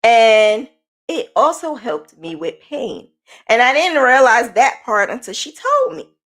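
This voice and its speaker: A woman's voice: fairly high pitch, very animated, unhurried, a bit bright. A woman hosting a podcast, telling a personal story in a candid, conversational way. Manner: candid, conversational, shifting pace. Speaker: podcast host.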